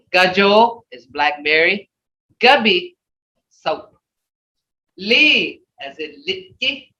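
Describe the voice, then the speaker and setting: A Mvskoke language teacher, a Creek speaker, leading an online class and patiently repeating each word slowly and reassuringly. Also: mid-range voice, bright, forceful tone. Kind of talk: online language class over video call. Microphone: video call. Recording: roomy, distant, dull video-call audio.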